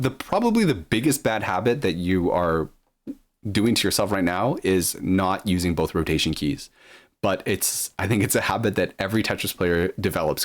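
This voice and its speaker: Low-voiced man chatting on a stream. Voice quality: low speaking voice. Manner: reads viewer messages aloud and answers them, with many ums. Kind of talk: casual live-stream chat.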